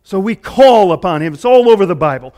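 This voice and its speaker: A man's voice: high voice, lively intonation, brisk, mellow. A man in his fifties, a pastor preaching a sermon in a casual, earnest way with folksy asides. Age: 50s.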